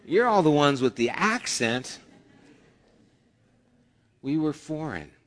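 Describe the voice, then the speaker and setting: A man's voice: a little high, very animated, takes it slowly, a bit bright. Pastor, male, chatty preaching style with quoted asides, echoing church hall. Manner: conversational preaching with acted asides. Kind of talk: sermon. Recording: long hall reverb.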